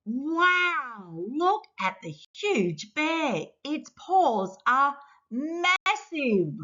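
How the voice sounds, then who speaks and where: A woman's voice: sits high, drawn-out words, voice pushed up, exaggerated voice. A woman voicing a curious snot creature. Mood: wondering. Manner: excited, wondering storybook voice. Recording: dull lo-fi sound.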